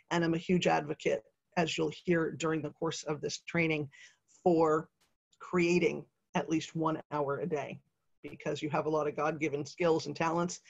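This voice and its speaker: A woman's voice: low-pitched, creaky, lo-fi sound. Upbeat woman presenting a webinar. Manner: conversational, upbeat, with frequent fillers.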